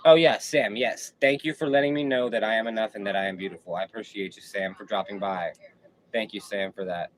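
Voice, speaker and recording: A man's voice: fairly low pitch, steady tone, a little fast, slight background noise, poor audio. A man hosting a casual live stream, chatting in a slangy, laid-back way and often repeating himself. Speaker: livestream host.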